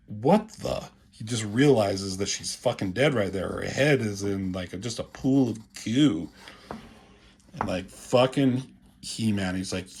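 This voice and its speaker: A man giving casual, rambling commentary on comic pages, profane and full of filler words, with a husky voice. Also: lowish voice, measured pace, darkish tone.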